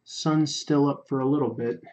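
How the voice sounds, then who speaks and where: A man hosting a drawing livestream, chatting casually and reading viewer comments, going quiet during fine detail work. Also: medium pitch, fairly even intonation, normal speed, highs cut off. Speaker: livestream host. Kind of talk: casual chat while drawing.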